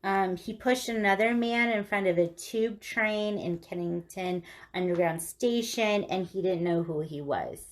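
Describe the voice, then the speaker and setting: A woman co-hosting a podcast, telling a true-crime story in casual, lively chat and cursing freely. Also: medium pitch, unhurried, few pauses. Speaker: podcast co-host.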